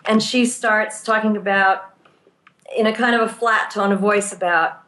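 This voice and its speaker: A woman's voice: medium pitch, steady tone, moderate pace, fairly bright tone, reverberant. A woman who works as a therapist and teaches pastoral care, explaining her ideas thoughtfully in a conversational interview and walking through examples.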